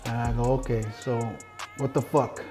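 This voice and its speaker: A man's voice: medium pitch, level tone, normal speed, a little mellow, faint music behind. A middle-aged man telling his story in a casual interview, blunt and heavy on swearing, acting out the people he quotes. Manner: profane, blunt storyteller who acts out quoted dialogue.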